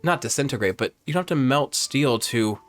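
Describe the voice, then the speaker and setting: A man's voice: mid-range voice, expressive, brisk, faint music behind. A man giving campy, chatty let's play commentary while playing a game, joking and swearing freely. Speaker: gamer, host.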